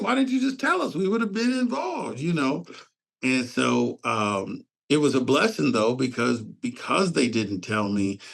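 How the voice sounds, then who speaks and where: A man in casual conversation on a podcast, telling a story about organizing a fatherhood summit and acting out the people he quotes. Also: mid-range voice. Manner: animated, acts out quoted voices.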